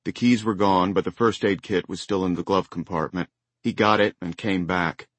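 Male audiobook narrator, measured delivery, low voice, dry close recording. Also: dry recording. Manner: measured, even storytelling. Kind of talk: scripted narration. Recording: dry close studio sound.

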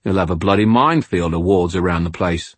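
A coarse hireling, gruff and irritable, growling his words, as a male narrator voices him. The voice is low and husky with a dry, close sound. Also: a little fast, no echo. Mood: gruff, cunning. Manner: annoyed, growling, swears constantly. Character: coarse, gruff British hired mercenary man.

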